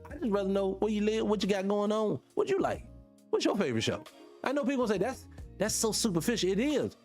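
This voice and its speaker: A man with a high-sitting, slightly mellow voice hosts casual morning radio talk. He's blunt and preachy, speaking straight to his listeners.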